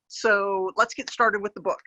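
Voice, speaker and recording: A woman reading a picture book aloud to children as a park educator, gently pointing to the pictures and adding animal sound effects. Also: mid-range voice, steady tone, measured pace, dry recording, rough recording.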